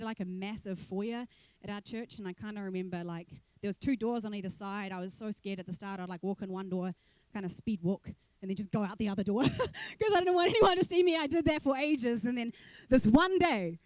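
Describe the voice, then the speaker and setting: A young woman speaker giving a sermon, telling her own story in an animated way and acting out the voices of people she quotes. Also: a little high, no echo. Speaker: guest speaker.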